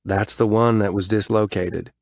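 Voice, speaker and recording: A man reading a brusque young male friend who gives short, gruff orders. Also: lowish voice, steady tone, moderate pace, darkish tone, no room sound, clean studio sound, lightly acted. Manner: curt, gruff instructions.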